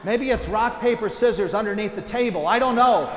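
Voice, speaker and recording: A man preaching a sermon, telling stories with a lively delivery that swings from loud bursts to hushed, quiet lines. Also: sits high, fairly quick. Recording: echoey hall, long reverb.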